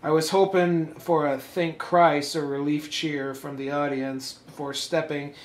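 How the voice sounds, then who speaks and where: A young man co-hosting a podcast, telling stories in casual chat and breaking into shouted impressions. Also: a little high, a little slow, echoey room. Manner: animated storytelling with shouted impressions. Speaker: podcast co-host.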